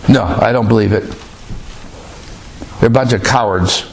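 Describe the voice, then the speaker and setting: A man's voice: fairly low pitch, normal speed, creaky, slight background noise, voice pushed down. A preacher doing a scoffing corrupt king. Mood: scornful. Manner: scoffing, dismissive orders. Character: impatient corrupt male king.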